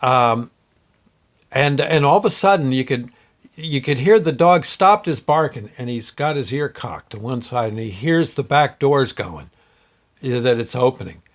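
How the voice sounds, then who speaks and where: Hosting his own show, this man uses an animated mid-range voice at normal speed. He rambles folksily through a personal story, stumbling into fillers and restarting often.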